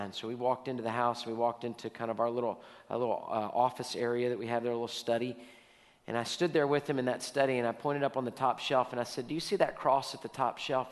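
A man's voice: medium pitch, long reverb tail. A male pastor preaching a sermon, telling stories and repeating key lines for emphasis.

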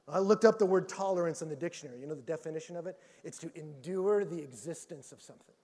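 High-voiced male preacher in an echoey hall. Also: very fast, hardly any pauses. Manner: lively storytelling with jokes and acted-out quotes. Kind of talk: sermon.

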